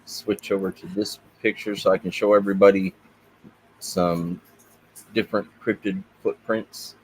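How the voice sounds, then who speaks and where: A man from Oklahoma hosting a podcast, easygoing and soft-spoken while running the screen share. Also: low voice, little pitch movement, a little slow, slight background noise, low-quality recording. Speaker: podcast host. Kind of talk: casual chat.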